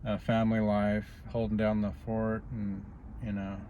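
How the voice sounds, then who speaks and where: A man's voice: on the low side, completely flat delivery, a little slow, highs cut off, a little hiss or hum. A man vlogging in a rambling, casual way, stopping often on "you know" as he drifts from politics to personal life.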